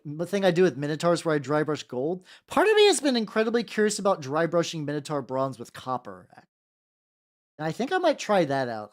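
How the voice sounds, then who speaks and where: A young man streaming as a VTuber, chatting casually and rambling while he paints miniatures, with frequent restarts and self-deprecating jokes. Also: a little high.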